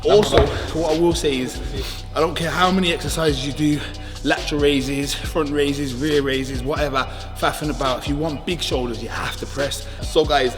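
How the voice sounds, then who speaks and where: A bodybuilder giving a casual gym workout tutorial, chatty and relaxed, with lots of ums. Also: male voice, a little high, normal speed, hardly any pauses, big-room sound. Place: echoey gym. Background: music playing.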